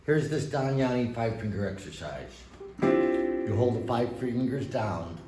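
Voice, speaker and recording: A man giving a casual piano lesson, relaxed and encouraging, with folksy asides as he plays. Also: medium pitch, measured pace. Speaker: piano teacher. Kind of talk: casual instructional talk at the piano. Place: room with a piano. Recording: roomy sound with piano under the voice.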